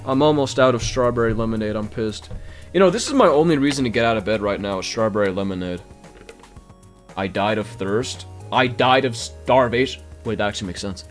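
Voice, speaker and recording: A man's voice: fairly low pitch, fairly quick, soft background music. A man doing live gameplay commentary, grumbling and talking to his chat. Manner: animated, grumbling, talks to chat. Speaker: game streamer.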